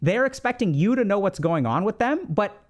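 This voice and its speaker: With a high-pitched, very animated voice and a fairly quick pace, a man gives relationship advice on his podcast. He's chatty and conversational, using "like" constantly and tossing in "right?" check-ins.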